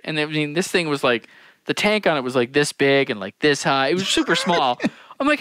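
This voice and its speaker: Podcast co-host, man, lively rambling storyteller, laughs a lot, dry close mic. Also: fairly high pitch, brisk, no echo. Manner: rambling, laughs through his stories. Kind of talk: casual storytelling chat.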